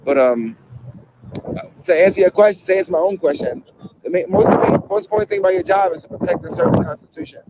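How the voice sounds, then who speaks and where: A man's voice: high voice, huge pitch swings, fast, vocal fry, heavy background noise. A young man from New York with a New York accent, talking in a slangy, joking, rambling way outdoors on a city street, swearing freely. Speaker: first amendment auditor. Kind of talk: casual street talk to camera and police.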